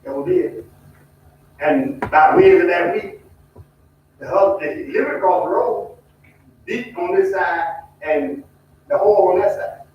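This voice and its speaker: A man's voice: high-pitched, animated, takes it slowly, pauses often, a little hiss or hum. A man leading a Bible study, telling stories in a folksy way and talking straight to the group. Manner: folksy, talks to the group directly, mimics hollering. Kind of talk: storytelling bible study talk. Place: church. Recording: echoey, distant, dull room recording.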